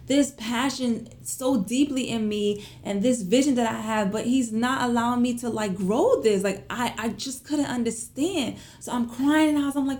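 A woman who runs a small business, casually telling her viewers a personal story in an emotional, animated way. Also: moderate pace, few pauses. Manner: emotional, animated retelling with big pitch swings; conversational, colloquial phrasing.

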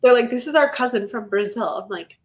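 A woman's voice: fairly high pitch, lively intonation, brisk. A young woman co-hosting a podcast in casual chat, talkative and sarcastic, often giggling. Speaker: podcast co-host.

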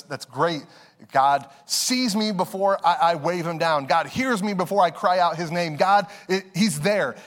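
A man's voice: a little high, fairly bright tone. A man in his thirties preaching a conversational sermon, telling stories with laughs and repeated words. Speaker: pastor. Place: church sanctuary. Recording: long hall reverb.

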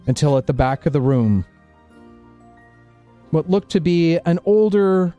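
Slow-spoken man narrating as game master. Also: a little high, lively intonation, mellow, dull audio, soft background music. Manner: slow, descriptive narration with hesitations. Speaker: dungeon master.

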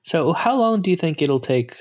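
A man chatting casually as a tabletop player, asking brisk, practical questions. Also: a little high, very animated, darkish tone. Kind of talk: casual chat.

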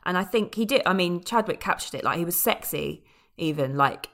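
A woman's voice: lowish voice, fairly quick. A woman co-hosting a podcast, chatting casually about a film with lots of fillers and the odd swear word. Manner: animated, swearing, many fillers. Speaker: podcast co-host. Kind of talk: casual film review chat.

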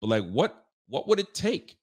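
A man's voice: medium pitch, very animated, moderate pace, darkish tone, slightly rough. A man hosting a sports podcast, giving casual football picks and venting animatedly, swearing and talking straight to his listeners.

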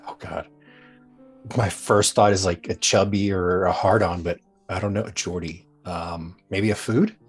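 A man's voice: deep voice, fairly even intonation, a little slow, husky, soft background music. A man guesting on a podcast in casual chat, laid-back and frank, laughing easily. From United States.

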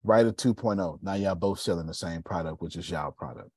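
A man hosting a casual group talk, animated and preachy, with a slangy way of talking. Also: low voice, fairly quick, slightly rough, dry recording. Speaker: host.

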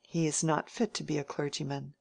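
A frank, outspoken young woman from a period novel, voiced by a woman audiobook reader. She talks bluntly and with dry wit. Her voice sits low, close to the reader's own. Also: level tone, brisk, creaky, a little mellow, breathy edge, dry recording, heavily acted. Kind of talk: audiobook character reading.

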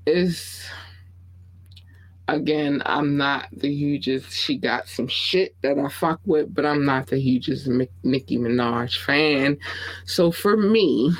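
Over a rough recording, a podcast host with an extremely deep voice reads viewer comments and riffs casually on entertainment news. She's candid, opinionated, blunt and swears freely.

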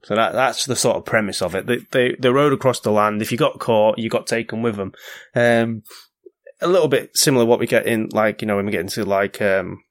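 A man's voice: lowish voice, fairly quick, no room sound. A man co-hosting a podcast, chatting casually with fillers and restarts, and reading an old folk tale aloud.

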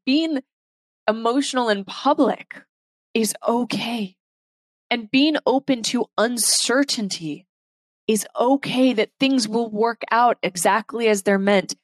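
A woman hosting a podcast, speaking earnestly and from the heart in an unhurried solo monologue. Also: fairly high pitch, no echo. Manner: reads a poem aloud slowly and softly. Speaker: podcast host. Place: London.

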